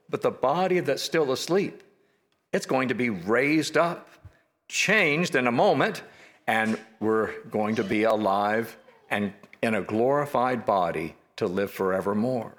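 A man preaching a sermon, earnest and measured, slowing down to stress each scripture quote. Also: medium pitch, a bit bright.

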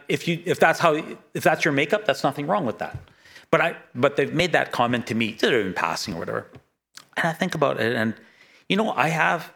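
Earnest, halting middle-aged pastor. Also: male voice, mid-range voice, fairly bright tone. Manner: earnest, halting, many restarts and stammers. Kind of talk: sermon.

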